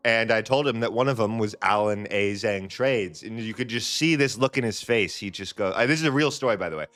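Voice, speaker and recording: A man's voice: fairly low pitch, brisk, fairly bright tone, no room sound, soft background music. A man hosting a live trading stream in a loose, chatty way, repeating phrases and restarting his sentences. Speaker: livestream trading host. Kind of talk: casual live-stream chat.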